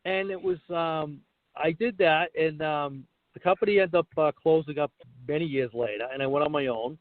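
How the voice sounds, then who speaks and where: A man's voice: on the high side, normal speed, dry recording. A middle-aged man, a comedian, telling stories from his career in a casual interview and acting out the dialogue. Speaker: guest, comedian. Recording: tinny call line, dry.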